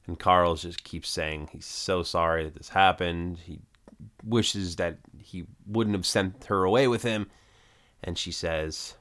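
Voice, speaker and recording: A man's voice: low voice, fairly even intonation, a little slow, a bit bright. A man co-hosting a podcast, casually retelling a plot with frequent ums and uhs. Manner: plot retelling with many fillers. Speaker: podcast co-host. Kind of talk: casual recap chat.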